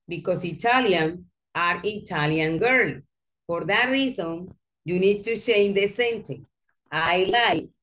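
A woman's voice: lowish voice, a bit bright. A woman with a Spanish accent, English as a second language, teaching an English class in a classroom and patiently repeating and correcting her pupils.

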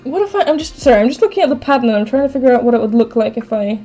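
A woman's voice: fairly high pitch, lively intonation, rapid-fire, mellow. Chatty woman streaming, faint music behind. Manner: chatty, thinks aloud, answers chat. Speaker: live streamer. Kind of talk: casual live-stream chat while crafting. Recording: slightly dull stream audio, faint background music.

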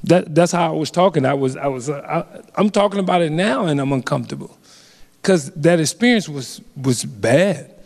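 A man's voice: a little high, lively intonation, creaky. Earnest man recounting a story in a hall. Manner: earnest, halting, repeats phrases. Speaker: community forum speaker. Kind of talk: personal storytelling. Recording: reverberant hall.

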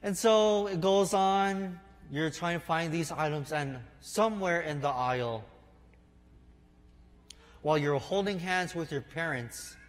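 A man preaching a sermon in an unhurried storytelling way, speaking to listeners as his friends. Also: on the high side. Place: church sanctuary. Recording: long reverb of a large hall.

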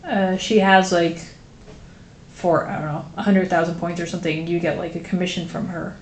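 A woman's voice: fairly low pitch, fairly even intonation, normal speed. A woman with a Dutch accent chatting casually with viewers on a live stream, rambling with lots of fillers. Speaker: streamer drawing a graphic novel. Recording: roomy echo with faint noise.

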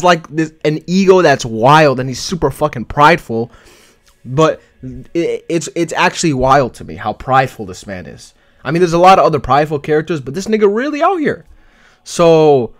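A man riffs on an anime in a casual, foul-mouthed, slangy way, voice sitting on the higher side. His talk is loose, full of fillers and restarts. The sound is close and dry, with no room behind him. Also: fairly bright tone, no room sound. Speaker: anime commentary vlogger. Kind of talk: casual spoken analysis.

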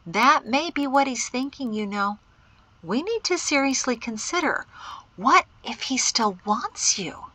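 A woman voicing a spirited, blunt older mother-in-law who talks briskly and exclaims readily, pitched higher than her narration. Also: animated, pushed and bright, heavily acted. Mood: worried.

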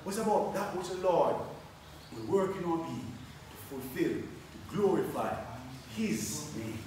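This preacher's voice is a little high and a little mellow, expressive and unhurried. He repeats phrases and puts rhetorical questions to the congregation, call-and-response fashion, captured from a distance in a very echoey space with slight background noise.

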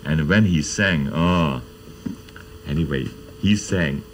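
A man's voice: rumbling low, slow pace, background noise. An older man hosts a children's TV show. He tells a story to kids in a playful way and explains each step as he goes. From Czechoslovakia. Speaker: children's TV host. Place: TV studio.

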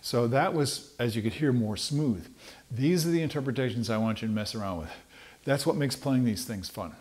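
A man with a mid-range voice gives a trumpet lesson in an unhurried, conversational tone. He explains musical ideas informally, often pausing with fillers and restarting his sentences. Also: medium pitch, a little mellow. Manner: sings rhythms on syllables to demonstrate. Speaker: trumpet teacher. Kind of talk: relaxed instructional talk.

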